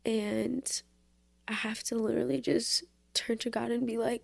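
Young woman, casual faith podcast, slow and unhurried, some vocal fry, dry close sound. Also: fairly high pitch, level tone, no room sound. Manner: chatty, lots of fillers, earnest. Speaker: podcast host.

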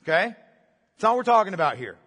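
A man's voice: sits high, big pitch swings, fast talker, fairly bright tone, husky, long reverb tail. A man preaching a sermon as pastor, emphatic, repeating key phrases and asking rhetorical questions.

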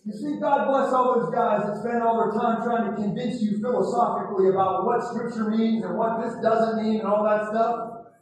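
A man's voice: high voice, steady tone, normal speed. A man preaching a charismatic sermon with impassioned, repetitive exhortation and call-and-response. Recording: echoey hall, distant mic.

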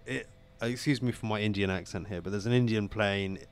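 A man telling jokes as a guest on a casual live stream, acting out his characters with lively shifts in voice. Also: brisk, smooth. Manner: animated storyteller, raises pitch for quoted characters. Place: home setup on a live stream.

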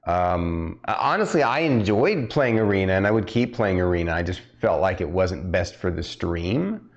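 Low-voiced podcast host, dull lo-fi sound. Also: male voice. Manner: relaxed, halting, many fillers. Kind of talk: casual podcast chat.

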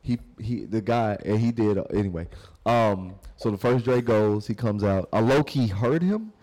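A man's voice: fairly low pitch, moderate pace, dark tone. A young man co-hosting a podcast, telling a story in loose, slangy casual chat. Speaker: podcast co-host.

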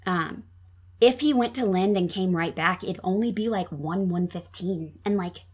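Speaking at a normal speed in a fairly low, slightly breathy voice, a Minnesotan woman guesting on a podcast recounts a true crime case, chatting casually with lots of ums and likes.

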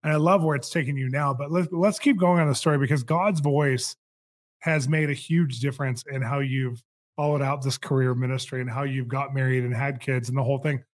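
A man's voice: mid-range voice, fairly even intonation, brisk. Enthusiastic male interview host. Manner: enthusiastic, laughs easily. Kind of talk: casual interview.

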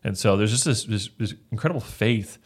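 Male pastor, low voice, earnest scripture chat, reads verses aloud with frequent restarts. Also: lively intonation, fairly quick, breathy edge. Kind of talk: casual Bible discussion.

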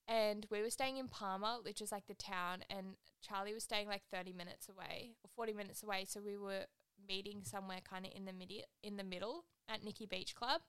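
A woman's voice: mid-range voice, fairly even intonation, a little fast, few pauses, fairly bright tone, clean tone, no echo. A young woman hosting a solo podcast. She chats and rambles casually, saying "like" constantly. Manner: chatty, rambling, heavy use of "like". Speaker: podcast host.

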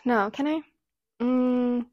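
Young woman, podcast co-host, higher voice, dry close sound, chatty and animated. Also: no room sound, faint music behind. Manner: animated, chatty, laughs often, quick shifts in loudness. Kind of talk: casual chat.

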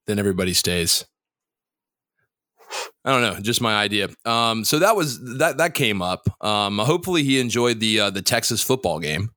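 A man's voice: lowish voice, expressive, moderate pace, sharp tone, dry recording. A man hosting a casual sports podcast, talking bluntly and swearing freely. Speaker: podcast host.

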